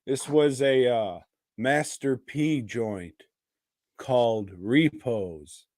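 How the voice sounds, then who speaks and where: A man's voice: mid-range voice, extremely slow, a little mellow, no echo, clean studio sound. A man co-hosting a podcast, chatting in a crude, profane, rambling way. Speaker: podcast co-host. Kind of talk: casual podcast chat.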